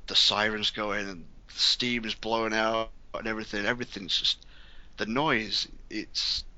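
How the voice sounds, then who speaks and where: Bright, lively man on a podcast. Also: lowish voice, moderate pace, highs cut off. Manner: animated, vivid retelling. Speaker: podcast co-host. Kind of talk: casual podcast chat.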